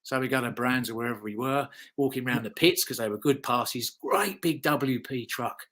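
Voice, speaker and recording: British man, fifties, ex-motocross rider, rambling anecdotes, ums and swearing, mid-pitched voice. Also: normal speed, a bit bright. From United Kingdom. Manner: rambling storyteller, frequent fillers and swearing. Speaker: guest, former motocross rider. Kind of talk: casual anecdotal interview.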